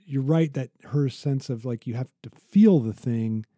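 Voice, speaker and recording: A man co-hosting a conversational academic podcast, telling stories with many halting restarts. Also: medium pitch, dark tone, no echo, studio quality. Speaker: podcast co-host.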